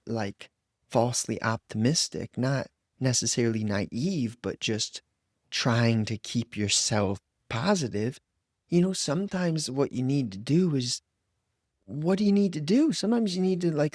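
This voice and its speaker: A man's voice: mid-range voice, darkish tone, no echo, studio quality. A man hosting a solo podcast, talking in a loose, reflective way with many fillers and restarts. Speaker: podcast host. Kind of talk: solo podcast monologue on inner growth.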